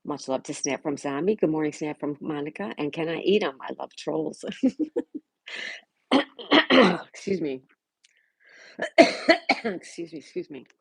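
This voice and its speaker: A woman's voice: deep voice, brisk, gravelly, darkish tone, breathy edge, no room sound, low-quality recording. A middle-aged woman hosting a casual live stream from home, reading viewers' comments and greeting them by name with affectionate chatter. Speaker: livestream host reading chat.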